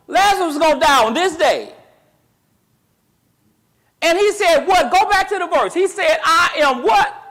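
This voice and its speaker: Man, Bible class teacher, call-and-response questions, colloquial storytelling, slow deliberate delivery, high voice. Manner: colloquial and animated, acting out the story.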